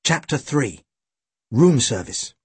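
A man narrating a storybook with a dry, wry, expressive delivery. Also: medium pitch, slow pace, slightly rough, no room sound. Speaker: audiobook reader.

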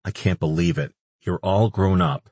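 Guy voicing a cheeky young vampire, mocking, husky low voice. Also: moderate pace, darkish tone, no room sound. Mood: tender. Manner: mocking, teasing. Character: cocky young vampire man, joking and tender.

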